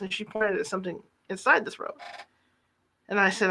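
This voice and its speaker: This podcast host, who lives in the Sacramento area, speaks at medium pitch and normal speed with fairly even intonation and a pushed, bright tone. In a chatty way, he tells a personal story from his reporting days, acting out the dialogue in quotes.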